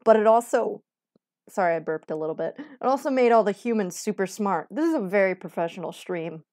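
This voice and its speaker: A woman's voice: mid-range voice, lively intonation, fairly quick, a little mellow, no room sound, studio quality. A woman streamer giving casual, rambling gameplay commentary in a chatty, giggly way.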